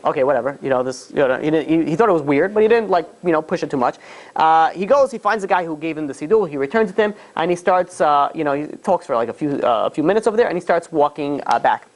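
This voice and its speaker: A male rabbi telling a story in a relaxed sermon, full of fillers and restarts, with quick put-on voices for the people in it. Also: fairly high pitch. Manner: rambling, many fillers, acts out quoted voices.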